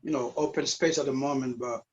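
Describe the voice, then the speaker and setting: A man in his forties with a French Caribbean accent, a guest talking softly and searching for words. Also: mid-range voice, fairly even intonation, brisk, lo-fi sound. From Guadeloupe. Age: 40s. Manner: soft-spoken, searching for words. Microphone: video call.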